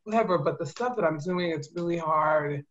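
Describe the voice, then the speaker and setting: A woman in her thirties from New Jersey, a guest in an interview, telling her story in a lively way with laughs and acted-out quotes. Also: deep voice, fairly quick. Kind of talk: conversational interview. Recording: muffled lo-fi audio.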